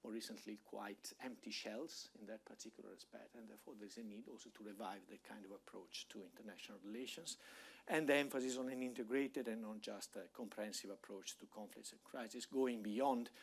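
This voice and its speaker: A man giving a public lecture on policy as a guest speaker, measured and thoughtful, with frequent fillers and restarts. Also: fairly low pitch, fairly even intonation, gravelly, slightly rough. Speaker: guest speaker, think-tank director.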